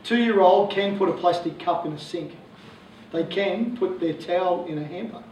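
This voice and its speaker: Australian man, joking and animated. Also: sits high, moderate pace, slight background noise. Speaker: coach speaking to parents. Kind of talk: public talk. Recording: echoey hall from far off, faint ambience.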